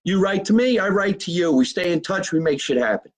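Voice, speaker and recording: A man's voice: sits high, lively intonation, brisk, rough recording. A middle-aged man, a comedian hosting his own live show from a home basement, talking casually, swearing, and plugging his channels. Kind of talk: casual live-stream monologue.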